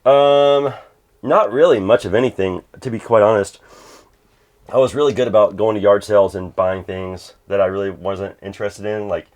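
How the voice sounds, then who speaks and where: A man's voice: on the low side, fairly even intonation, normal speed, a little mellow. A man in his thirties, a game collector chatting casually at home, rambling with lots of fillers and restarts. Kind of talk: casual interview chat.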